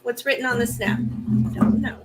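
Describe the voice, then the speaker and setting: A woman's voice: fairly high pitch, fairly even intonation, normal speed, background noise. A woman on a live selling stream, answering buyers' questions plainly and briefly. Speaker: reseller showing an item. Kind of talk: casual live-stream chat.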